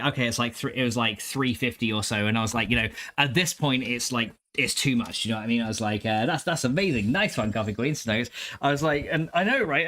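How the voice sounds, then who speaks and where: A man's voice: medium pitch, fairly bright tone. A man livestreaming from home, chatting loosely with viewers, swearing freely and restarting his sentences. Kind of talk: casual stream chat reading viewer messages. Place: home streaming room.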